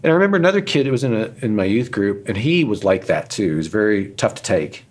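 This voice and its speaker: Deep-voiced guy rambling through personal stories, earnest, kinda self-deprecating, gets choked up. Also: very animated, quick pace. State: emotional, choked up in places. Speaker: interview guest, author and radio host. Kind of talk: candid personal storytelling.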